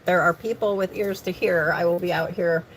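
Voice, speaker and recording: Low-voiced woman reading scripture live. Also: steady tone, normal speed, slight background noise, poor audio. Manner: earnest, warm toward viewers, rambling when off-script. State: slightly out of breath. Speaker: livestream Bible reader. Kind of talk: Bible reading and casual chat with viewers.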